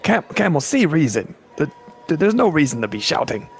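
A man playing a calm, level-headed man in a tabletop game, speaking in a measured, reasoning way. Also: fairly high pitch, vocal fry, voice pushed up. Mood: placating.

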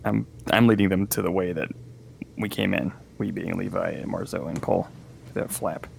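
Male player, very gravelly low voice, faint hiss, joking banter. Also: moderate pace. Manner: laughs often, jokey in-character banter. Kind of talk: playing a tabletop game.

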